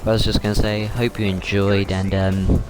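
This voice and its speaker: A man's voice: fairly low pitch, level tone, normal speed. A man host telling a story in a casual, rambling way while gaming, repeating words and saying dude a lot, on a noisy mic with clicks.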